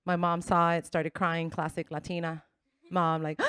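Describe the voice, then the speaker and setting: A woman's voice: fairly low pitch, level tone, unhurried, a bit bright, clear, resonant tone, no room sound. A woman in her forties from Colombia, doing a brash, bawdy stand-up comedy set. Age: 40s.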